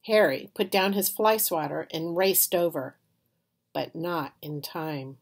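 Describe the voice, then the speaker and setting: A woman reading a children's chapter book aloud in an expressive storytelling manner. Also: low-pitched, slow, vocal fry. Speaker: reader.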